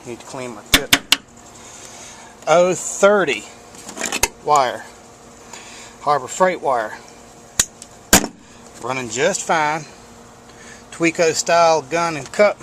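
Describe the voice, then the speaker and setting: A man's voice: a little high, animated, slow pace, pauses often, very noisy. A man giving blunt, folksy workshop commentary on welding and truck repair, swearing casually as he works. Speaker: home mechanic showing welding work.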